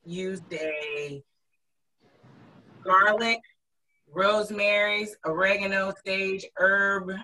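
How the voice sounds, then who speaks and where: A woman on a video call, describing her dish slowly and hesitantly. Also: mid-range voice, fairly even intonation, sharp tone, far from the mic, low-quality recording. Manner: slow, hesitant, laughing. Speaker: cook, guest. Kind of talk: casual video-call talk.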